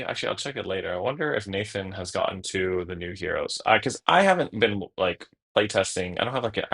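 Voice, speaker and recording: A man's voice: fairly low pitch, expressive, fast talker, gravelly, few pauses, a bit bright, slightly rough. A young man streaming a card game, thinking aloud in casual, jokey commentary with the odd curse. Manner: thinks aloud, jokey, swears, mutters to himself.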